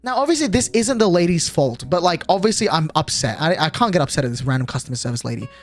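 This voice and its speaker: A man's voice: on the high side, big pitch swings, quick pace, soft background music. A young man streamer telling a storytime on a livestream, exasperated and swearing a lot, with frequent restarts.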